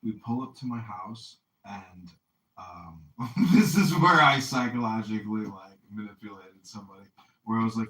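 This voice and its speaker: A man with a bright, forceful voice, chatting loosely as a podcast host. He rambles, leans hard on "like" and swears freely. He sits back from the mic in an echoey room. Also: on the low side, animated, normal speed, far from the mic, slight background noise. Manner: rambling, profane, heavy on "like". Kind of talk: casual chat.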